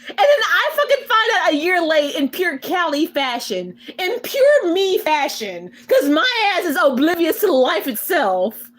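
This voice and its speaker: Animated high-voiced woman host, slow and sassy. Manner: loud, laughing, profane and sassy. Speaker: reaction channel host. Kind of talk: casual commentary on a clip.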